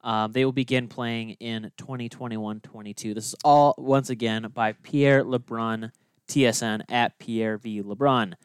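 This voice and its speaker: A man's voice: medium pitch, steady tone, unhurried, smooth, dry recording. A young man co-hosting a sports podcast, reading the news in a dry, exasperated way. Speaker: podcast co-host.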